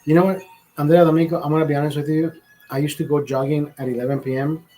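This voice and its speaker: Rambling, profane man with a higher voice. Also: fast, soft background music, poor audio. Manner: rambling, profane, animated storytelling. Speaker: livestream host. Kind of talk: casual late-night livestream chat.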